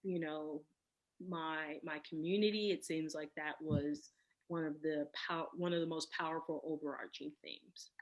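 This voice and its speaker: A woman in her thirties, a guest on an interview podcast, answering in a reflective, unhurried way. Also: low voice, fairly even intonation, dull audio. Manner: reflective, many fillers and restarts. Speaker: podcast guest, cosmetic chemist. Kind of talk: casual interview.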